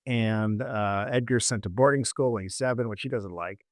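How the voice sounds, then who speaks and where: A man hosting a comedy podcast, retelling a history story casually with halting restarts. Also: on the low side, no room sound, studio quality. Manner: halting, many restarts and fillers.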